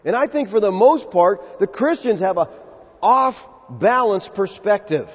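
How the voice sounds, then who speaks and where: A pastor preaching a sermon, telling stories with animation and acting out the voices of the people in them. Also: male voice, fairly high pitch, measured pace, slightly rough. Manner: animated storytelling, acts out quoted voices. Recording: dull lo-fi sound with long hall reverb.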